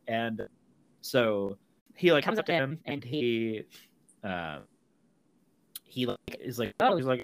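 A man's voice: medium pitch, lively intonation, a little slow, long pauses, no room sound. A man co-hosting a podcast, casually retelling a film's plot and acting out the characters' lines in a raised voice. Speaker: podcast co-host. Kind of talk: casual film discussion.

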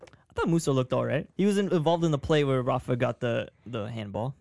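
Playful gravelly-voiced man. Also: mid-range voice, brisk, a little mellow, dry recording, clean studio sound. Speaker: podcast co-host. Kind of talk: casual sports chat.

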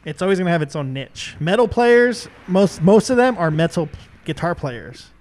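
A man hosting a casual podcast panel, joking and laughing often and musing slowly on music. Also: sits high, sing-song, darkish tone.

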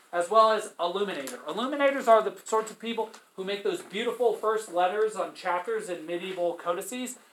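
A man teaching a literature class in a high, bright voice. He talks casually and puts rhetorical questions to his listeners. The echo of the room carries his voice around. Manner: conversational, asks students rhetorical questions. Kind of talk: literature lecture with read-aloud passages.

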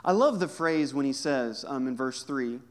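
A man delivers a sermon as a pastor in a conversational, humorous way, shifting between hushed asides and emphatic points. His voice sits at medium pitch, with lively intonation and a normal pace.

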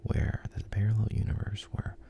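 A man's voice: a little fast, dark tone, dull audio, close to an everyday voice. A man in whispered role-play voicing a weary, stubborn aging male superhero. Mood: wistful.

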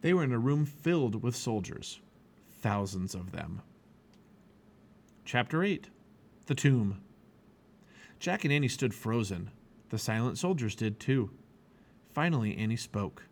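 Expressive man reading a children's book. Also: mid-range voice, unhurried, long pauses. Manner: expressive storytelling. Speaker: family podcast reader.

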